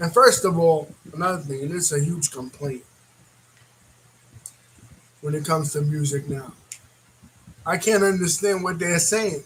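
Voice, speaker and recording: A man with a high voice talks straight to his viewers in a loose, rambling reaction commentary. He gets animated and laughs easily. A faint hiss of noise sits under his voice. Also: measured pace, pauses often, rough recording. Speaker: reaction video host.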